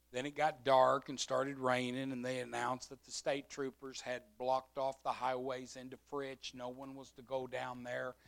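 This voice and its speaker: A man's voice: mid-range voice, creaky, fairly bright tone. A middle-aged man, a pastor telling a story in a sermon and acting out both sides of conversations.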